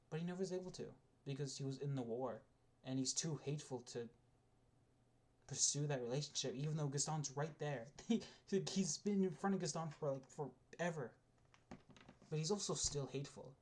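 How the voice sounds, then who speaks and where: A man's voice: on the high side, a little mellow. A man delivering a casual, rambling spoken rant as a video essayist, with frequent restarts and the odd swear.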